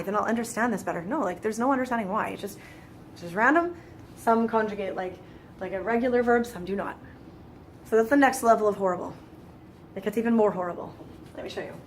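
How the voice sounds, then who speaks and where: A young woman talks through a French grammar lesson in a loose, chatty way, sighing at the rules and slipping into goofy mock voices. Her pitch sits in a middle range for a woman, and a faint hiss runs under the recording. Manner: playful, exasperated, acts out voices with laughs. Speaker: French teacher. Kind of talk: casual classroom tutorial.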